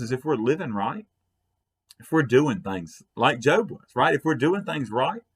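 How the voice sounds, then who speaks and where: A pastor delivering a brief devotional, his voice somewhat husky. He speaks earnestly, stumbling and repeating words as he presses his point, and his pitch swings widely. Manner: earnest, repeats words and restarts, quotes with rising emphasis. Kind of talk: short devotional talk to the camera.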